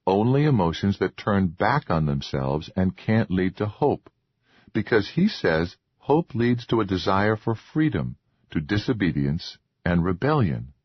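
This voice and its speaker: A man voicing a meek, earnest young wife with a soft, pleading, formal way of speaking. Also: low voice, big pitch swings, measured pace, breathy edge, dry recording, muffled recording, exaggerated voice.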